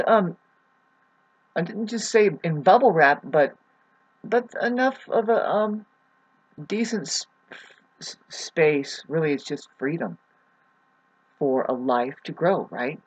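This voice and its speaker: Husky-voiced woman in her forties, rambling. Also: lowish voice, rough recording. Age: 40s. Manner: halting, with many fillers and restarts. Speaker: astrology vlogger. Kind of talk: casual rambling astrology talk.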